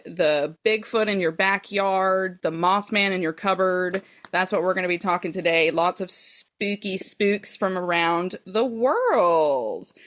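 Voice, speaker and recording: A woman's voice: medium pitch, fairly bright tone. A young woman from Tennessee, hosting a casual podcast chat in a bubbly, giggly way and repeating words for emphasis. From Tennessee, American South. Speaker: podcast host.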